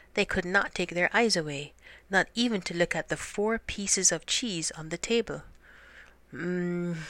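A woman reading a children's storybook aloud in a measured, expressive way. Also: lowish voice, no echo.

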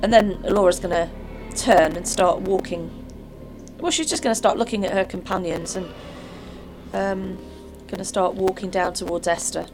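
A woman's voice: mid-range voice, fairly even intonation, moderate pace, music in the background. A woman playing a tabletop game, casually describing what her character does. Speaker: player. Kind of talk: tabletop play narration.

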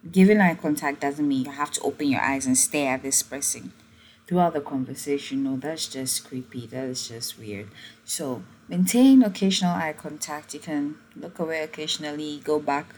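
A woman from Ghana talks straight to her listeners in an advice podcast. Her voice sits on the low side. She is earnest and pleading, keeps saying "okay?" and "please", and laughs at herself now and then. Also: darkish tone, a little hiss or hum. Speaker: podcast host.

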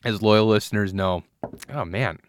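A man's voice: lowish voice, unhurried, dry recording, studio quality. A man co-hosting a casual beer-tasting podcast, joking, rambling and laughing often. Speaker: podcast co-host. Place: indoor recording studio.

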